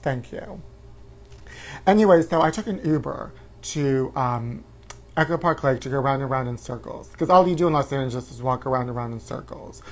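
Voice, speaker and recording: A man hosting a live-stream chat show, campy and flamboyant, calling viewers honey and letting out shrill woos. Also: normal speed. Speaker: host.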